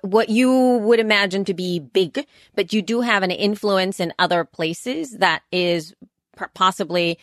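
A woman's voice: on the low side, a bit bright, no echo, studio quality. A woman co-hosting a podcast in casual chat, talking at length with frequent restarts. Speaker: podcast co-host.

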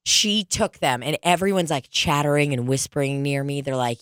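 A woman's voice: low voice, expressive, moderate pace, smooth, dry recording, studio quality. A young adult woman hosting a podcast, telling a rambling, profane story in casual chat. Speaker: podcast host.

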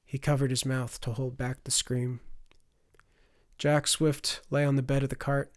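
A man narrating a fantasy audiobook in a measured storytelling voice. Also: mid-range voice, little pitch movement, dry recording, clean studio sound.

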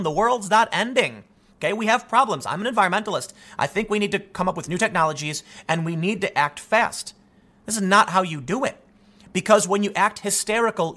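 Male political commentator, bright and slightly high, argumentative monologue. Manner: animated, argumentative, with frequent restarts.

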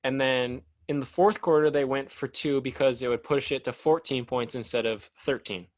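A young man co-hosting a sports podcast, rambling and animated, with lots of "like". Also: medium pitch, normal speed, no room sound. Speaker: podcast co-host. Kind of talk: casual sports chat.

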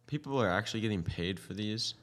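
A man's voice: lowish voice, fast, fairly bright tone, long reverb tail. A young man co-hosting a podcast, reacting with short jokes and quips. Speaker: podcast co-host. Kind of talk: casual chat.

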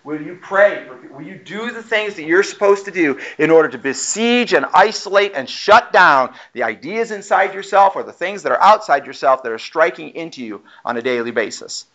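A man preaching a sermon as pastor, emphatic and animated, acting out the voices he quotes. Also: on the high side, brisk, hardly any pauses. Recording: muffled lo-fi sound.

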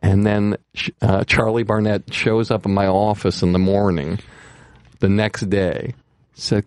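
A man's voice: lowish voice, little pitch movement, measured pace, a little mellow, clear, resonant tone, no room sound. A man telling earnest, heartfelt stories in a casual studio chat.

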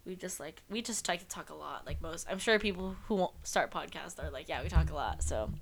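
A woman's voice: deep voice, expressive, a little fast, a little hiss or hum. Woman, twenties, giggly casual co-host. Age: 20s. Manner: giggly, chatty, trails off mid-sentence. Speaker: podcast co-host. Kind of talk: casual chat.

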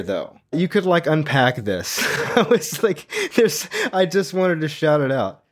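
A man's voice: on the high side, very animated, measured pace. A man co-hosting a podcast, retelling a book's plot in loose, casual chat packed with "you know" fillers. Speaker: podcast co-host. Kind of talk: casual book-club chat.

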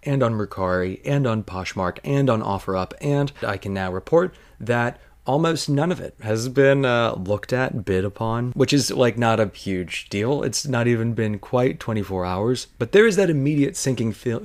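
A man's voice: medium pitch, expressive, normal speed, hardly any pauses. A man hosting a podcast, telling a workplace story in a rambling, digressive way with wry asides. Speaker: podcast host. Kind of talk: storytelling monologue.

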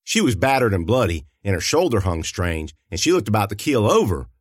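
A man's voice: lowish voice, very animated, a little fast, no room sound. A man narrating a first-person fiction story in a folksy, rural storytelling manner.

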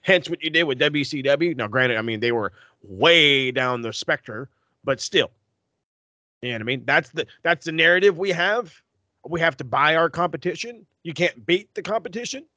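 A man's voice: on the high side, expressive, moderate pace, sharp tone, dry recording. A young man co-hosting a podcast, ranting bluntly and profanely in casual chat. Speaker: podcast co-host.

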